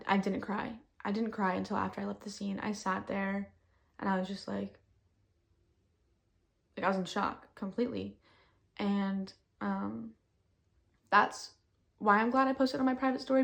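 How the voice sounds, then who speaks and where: A young woman recounting a personal ordeal in casual storytelling, halting and full of fillers, often flat and subdued. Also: medium pitch, vocal fry.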